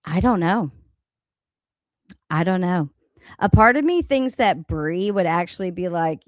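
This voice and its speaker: A woman hosts a live stream from home, talking slowly and bluntly with plenty of profanity and laughter. Her voice is close to the mic and dry, with no room sound. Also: fairly low pitch, animated, no echo. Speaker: livestream host. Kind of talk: casual live-stream rant.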